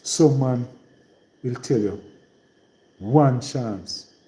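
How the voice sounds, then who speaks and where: Jamaican man, rural Trelawny patois accent, very dark mellow tone, rambling live-stream host. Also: mid-range voice, very slow, roomy sound, poor audio. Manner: rambling and repetitive, in heavy patois. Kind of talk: casual live-stream monologue.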